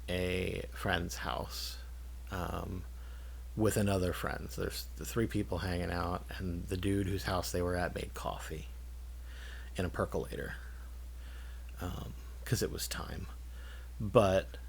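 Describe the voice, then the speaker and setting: A man co-hosting a casual podcast, telling a story with animated delivery. He acts out the people in the anecdote, shifting his voice for each quote. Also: sits low, gravelly, slight background noise. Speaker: podcast co-host.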